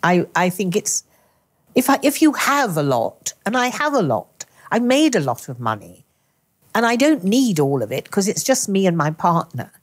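An older woman with a Glasgow Scottish accent, an actress talking in an interview, carefully enunciating and finishing every word with a crisp snap. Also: medium pitch, sing-song. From Britain. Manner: crisp, deliberate enunciation with emphatic word endings. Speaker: actress and author, interview guest. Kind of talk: conversational interview.

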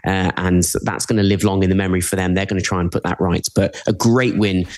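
A man giving match analysis as a sports journalist in an even, matter-of-fact way. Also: low-pitched, quick pace, no room sound, studio quality.

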